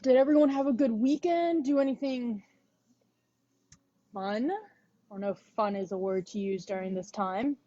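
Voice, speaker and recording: A woman fitness instructor chatting casually before a livestream workout class, relaxed and sighing now and then, on a headphone mic at home. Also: a little high, moderate pace, long pauses, lo-fi sound. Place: indoors at home. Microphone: wireless headphone mic.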